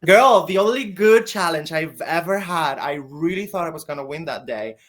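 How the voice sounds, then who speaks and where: A man's voice: on the high side, animated, moderate pace, fairly bright tone. A man from Spain, a guest drag queen, chatting on a podcast in a gossipy, dramatic way with frequent laughs. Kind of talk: casual podcast chat.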